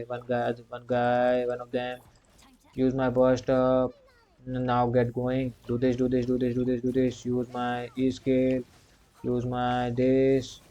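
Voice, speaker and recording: Young guy mumbling through a game, flat monotone, keeps saying "you can say", gets grumpy, kinda muffled lo-fi audio. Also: mid-range voice. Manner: muttered repetitive commands to himself; frustrated grumbling at the game. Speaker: gaming channel host. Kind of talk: live gameplay commentary. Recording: dull lo-fi recording.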